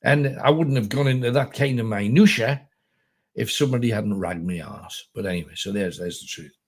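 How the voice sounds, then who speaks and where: A man's voice: fairly low pitch, moderate pace, breathy edge. A middle-aged man from North East England, hosting a casual, rambling livestream chat, reading viewer comments and telling jokes in a self-deprecating way. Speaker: host.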